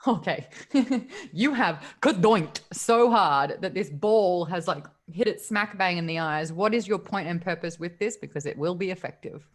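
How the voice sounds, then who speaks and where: A woman's voice: lowish voice, normal speed. A woman with an Australian accent narrating a tabletop game as game master, laughing often as she goes. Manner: giggly, lively narration.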